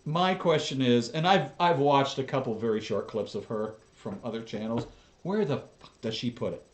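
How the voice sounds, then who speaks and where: A man's voice: mid-range voice, moderate pace, echoey room. Blunt, profane man reacting to videos. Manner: blunt, profane, chatty asides. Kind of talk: casual reaction commentary.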